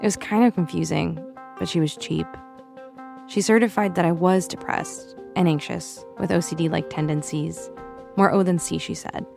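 A young woman, raised in the US after arriving from Russia, reading a personal essay in a reflective, measured, confessional way. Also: lowish voice, steady tone, vocal fry, a little mellow, soft background music.

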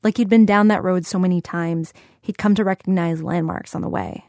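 A woman hosting and reporting, narrating a scripted story in a clear, conversational way. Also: on the low side, steady tone, fairly quick, mellow, no echo. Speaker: host and reporter. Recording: dry studio sound.

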